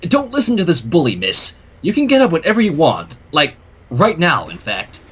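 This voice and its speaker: A man's voice: fairly high pitch, huge pitch swings, moderate pace, fairly bright tone, slightly rough, exaggerated voice. A man voicing a stern, bookish female unicorn in a fan story reading, scolding and exasperated.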